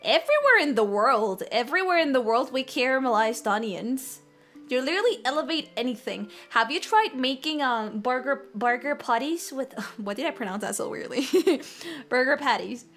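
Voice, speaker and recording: A woman's voice: sits high, very animated, normal speed, fairly bright tone, soft background music. A young woman chatting casually on a cooking stream, rambling and giggling often.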